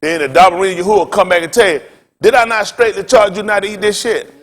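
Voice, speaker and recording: A man's voice: high voice, fairly even intonation, fast, a bit bright. A male pastor preaching a blunt, profane sermon, telling stories with laughter. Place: synagogue hall. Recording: long hall reverb.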